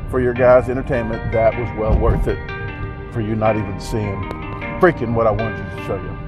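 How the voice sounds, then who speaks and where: A man's voice: on the low side, flat delivery, moderate pace, over loud music. A man with a Midwestern American accent, vlogging in a casual, folksy, rambling way, full of filler words, while driving. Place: in a car on the road. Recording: car road noise behind.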